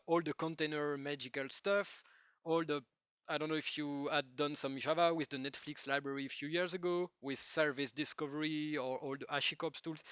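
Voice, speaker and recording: French-accented man giving a lively tech talk. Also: fairly high pitch, no echo, clean studio sound. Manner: lively, joking, with non-native phrasing. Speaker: conference speaker. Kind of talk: tech talk to a live audience.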